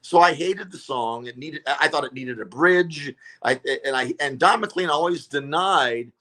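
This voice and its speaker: A man's voice: on the high side, normal speed. A comedian telling a story in casual chat, acting out the people he quotes. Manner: animated, acts out quotes. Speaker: comedian guest.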